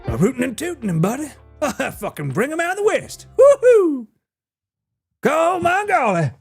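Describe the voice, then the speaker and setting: A man voicing a rowdy American cowboy with a put-on Southern drawl, loud and whooping. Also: very high-pitched, wildly swooping pitch, a little slow, gravelly, no echo, faint music behind, voice pushed up, exaggerated voice.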